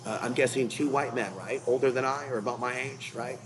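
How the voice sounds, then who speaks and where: Apparently sitting in a car, a channel host goes on a rambling commentary rant in a rough recording. His medium-pitched voice keeps a steady tone and runs a little fast, while his manner is agitated, repetitive and confrontational.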